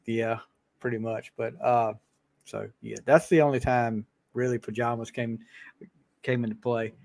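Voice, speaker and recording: A man's voice: medium pitch, fairly even intonation, measured pace, a little mellow, dry recording. A man co-hosting a podcast, chatting casually and reminiscing in an easygoing way. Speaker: podcast co-host. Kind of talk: casual chat.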